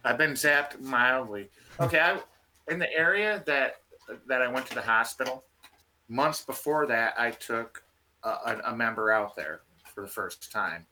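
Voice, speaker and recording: Bright-voiced man telling a story. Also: medium pitch, a little slow. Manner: animated, restarts often. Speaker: field researcher guest. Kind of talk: casual storytelling.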